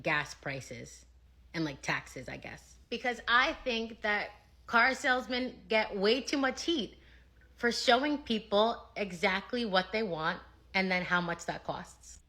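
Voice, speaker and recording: Bright voiced woman who sells cars, arguing her point straight to the camera. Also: mid-range voice, measured pace. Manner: assertive, argumentative. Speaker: car salesperson answering comments. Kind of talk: opinionated social media monologue.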